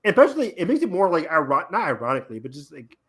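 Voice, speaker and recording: A man co-hosting a podcast, excitedly retelling TV episode scenes in casual chat. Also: fairly high pitch, rapid-fire, husky. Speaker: podcast co-host.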